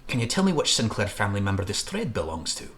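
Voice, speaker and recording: Man, lowish voice, joking game player, irreverent asides, reads dialogue aloud. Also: very animated, fast, fairly bright tone, slight background noise. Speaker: game player voicing characters. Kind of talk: let's-play narration with voiced dialogue.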